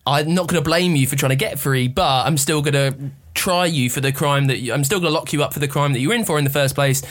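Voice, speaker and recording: A man banters and teases his co-hosts on a casual podcast. His voice sits a little higher than most men's, and his delivery is playful and quick to joke. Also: fairly bright tone. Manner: teasing, jokey banter. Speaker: podcast co-host. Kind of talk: casual chat.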